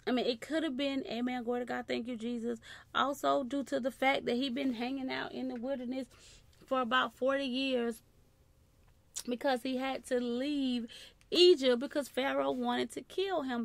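A woman preaching a sermon, constantly breaking in with short praise phrases and dropping to soft murmurs between points. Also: fairly high pitch, creaky, no room sound.

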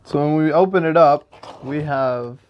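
A young man hosts a casual unboxing vlog, joking around and poking fun at himself in a jokey, animated way. His voice is fairly high and a little slow, recorded with lo-fi sound and slight background noise.

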